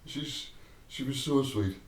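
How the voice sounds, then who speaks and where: In an unhurried, mid-range voice, a man shares a meandering personal tale to camera, repeatedly dissolving into chuckles and laughter. The audio has a roomy echo, with the microphone placed at a distance.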